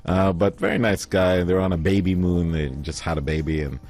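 Deep-voiced man telling a funny story. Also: a little fast. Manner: animated storyteller, acts out quotes, laughs often. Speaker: podcast guest telling a story. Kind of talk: casual anecdote among friends.

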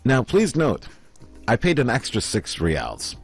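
A man telling a travel story in casual chat, acting out the other people's lines in lively voices. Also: mid-range voice, measured pace, creaky, husky, soft background music.

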